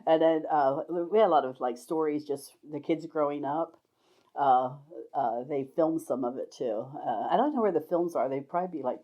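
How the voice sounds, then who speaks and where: An older woman recalls her adventures in a loose, rambling way, laughing easily as she goes. Her voice sits low, and the recording sounds dull and lo-fi. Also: warm tone. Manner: rambling, laughs often between anecdotes. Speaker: storyteller sharing life stories. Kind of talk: casual spoken memoir.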